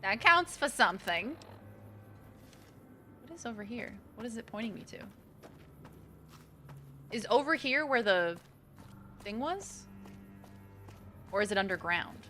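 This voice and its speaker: A woman's voice: fairly high pitch, animated, measured pace, long pauses, fairly bright tone, soft background music. A young woman with a Boston accent chatting casually to her viewers while she plays a game, self-mocking and talkative. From Boston area. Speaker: streamer. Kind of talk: casual gameplay commentary.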